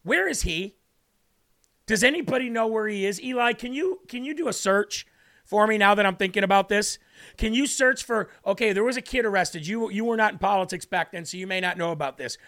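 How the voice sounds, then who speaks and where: A man hosting a political talk show with a high, gravelly voice and a bright, tense edge. He rants with heavy sarcasm and animated emphasis, turning to his co-host now and then. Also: brisk.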